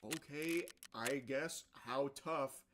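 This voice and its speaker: A man's voice: on the high side, moderate pace, background noise. A man delivering ranting commentary in a scornful, exasperated way. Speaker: online commentator.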